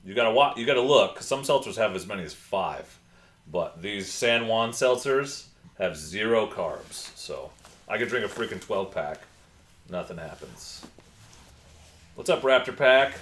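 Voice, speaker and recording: A man's voice: fairly low pitch, expressive, measured pace, fairly bright tone, reverberant. A man hosting a casual livestream, chatting and answering viewer comments from his home computer. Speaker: livestream host.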